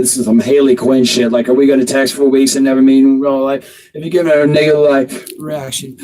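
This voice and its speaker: A man's voice: medium pitch, poor audio. A man giving blunt, profane dating advice as a coach, talking casually to the camera outdoors. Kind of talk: casual instructional talk to camera.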